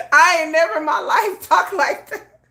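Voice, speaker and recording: Animated woman with high bright voice. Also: takes it slowly. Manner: animated, laughs a lot, switches into hushed and sung put-on voices. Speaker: livestream host. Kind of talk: casual livestream chat.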